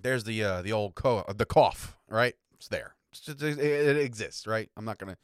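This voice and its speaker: A man's voice: lowish voice, moderate pace, clean tone, no echo, studio quality. A man hosting a fan sports podcast, ranting in a fired-up, combative way and often tagging lines with "right?" and "okay?", with a slight cough. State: has a cough. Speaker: podcast host. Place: home attic room.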